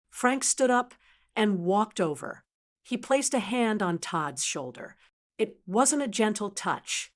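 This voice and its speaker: A woman reads a scripted first-person story aloud in a measured, dramatic way. Her voice sits at a mid pitch for a woman, steady and even as the tale unfolds. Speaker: narrator.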